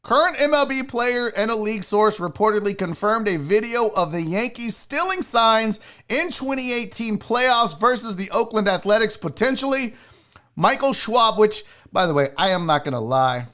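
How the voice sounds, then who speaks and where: A man's voice: high voice, lively intonation, moderate pace. Guy ranting on his solo sports show, swears a lot, voice jumps all over. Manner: loud, mocking, profane ranting. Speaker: sports talk host.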